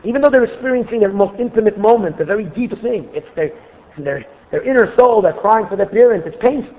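An earnest man gives a Torah class, expressive and prone to restarting phrases. His voice sits fairly high. The recording is thin and tinny, like a phone line. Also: fast, a little hiss or hum. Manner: earnest, expressive, repeats words when restarting. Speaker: Torah teacher.

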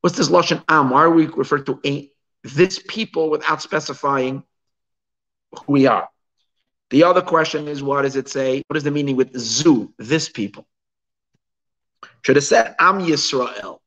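With a slightly high, somewhat bright voice, a man teaches Torah in a text study session, moving at a moderate pace with long pauses. He poses rhetorical questions and sprinkles Hebrew and Yiddish terms throughout his English explanation.

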